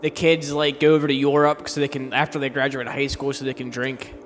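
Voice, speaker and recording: A man's voice: medium pitch, completely flat delivery, fairly quick. A man in his thirties co-hosting a podcast, telling stories and reviewing beer in a chatty way. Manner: storytelling, chatty, laughs easily. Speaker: podcast co-host. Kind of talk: casual beer review chat. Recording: long reverb with faint music.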